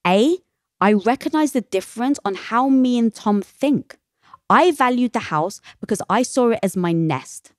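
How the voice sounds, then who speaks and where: Emphatic, animated woman on a podcast. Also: a little high, moderate pace, no echo, clean studio sound. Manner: emphatic and animated, acts out quoted voices. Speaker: podcast guest, entrepreneur. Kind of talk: candid interview talk.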